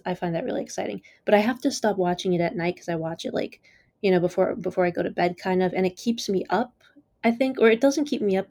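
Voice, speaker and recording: A woman hosts her own podcast and talks at length on her own, easily amused and eager. Her speech wanders, full of "like" and "you know." Her voice sits on the low side for a woman, and the sound is dry with no room echo. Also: dark tone. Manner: rambling, lots of "like" and "you know". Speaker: podcast host. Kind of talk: casual solo chat.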